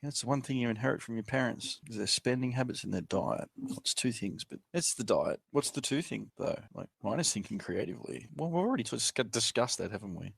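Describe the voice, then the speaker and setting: A man's voice: mid-range voice, animated, a little fast, vocal fry, hardly any pauses, breathy edge, no echo. A man rambling and swearing sarcastically in an unmoderated voice chat debate.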